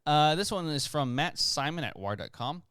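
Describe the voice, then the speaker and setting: A man's voice: a little high, expressive, normal speed, fairly bright tone, smooth, no room sound. A man co-hosting a podcast who reads history articles aloud in casual chat and stumbles over long words. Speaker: podcast co-host.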